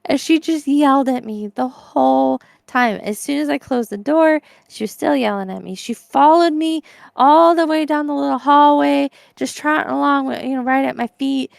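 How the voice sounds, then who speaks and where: A young woman co-hosting a podcast, chatting casually and telling a story with lively put-on voices and giggles. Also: sits high, normal speed, gravelly, dry recording. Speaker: podcast co-host. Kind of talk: casual chat.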